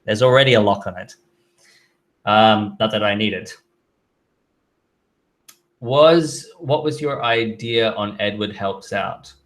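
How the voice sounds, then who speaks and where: His voice is fairly low and fairly bright, and he takes it slowly with long pauses. He's running a casual live stream, reading chat questions aloud and answering offhandedly with plenty of fillers.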